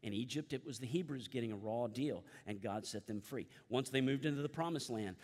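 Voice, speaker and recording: A man preaching with emphatic, repeated phrases, leading his congregation through a sermon. His voice sits at an ordinary middle pitch. The sound carries a long reverb, as from a large church sanctuary. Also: fairly quick, few pauses. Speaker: pastor.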